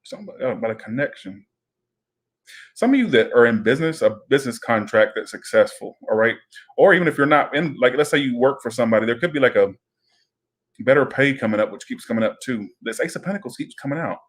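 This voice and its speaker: A male tarot reader talks to his viewers in a loose, rambling way, swearing freely and wandering into asides. His voice sits at an ordinary pitch for a man, and his delivery is casual and direct. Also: animated, fast. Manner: rambling, profane, chatty.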